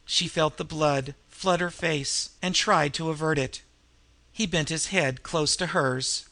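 A man reading a novel aloud in measured storytelling narration. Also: on the high side, bright, forceful tone, no echo. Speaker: audiobook narrator. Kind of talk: scripted narration.

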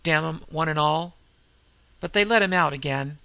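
A crafty, wizened old crook who grunts and snarls his threats, as a male reader puts him on. His voice is gravelly and sharp-edged, pitched a bit high, in a dry, close audiobook reading. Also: normal speed, dry recording. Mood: gruff.

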